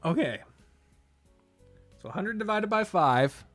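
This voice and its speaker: A woman's voice: mid-range voice, expressive, takes it slowly, no echo, soft background music. A woman streamer and game master in casual livestream chat, giddy and laughing often, swearing and stumbling as she works through math aloud.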